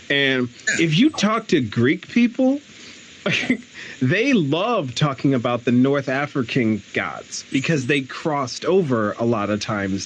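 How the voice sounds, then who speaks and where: A male podcast host leading a relaxed, conversational interview. He talks with eager enthusiasm, laughs easily, and often restarts his sentences. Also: medium pitch, a little hiss or hum, poor audio.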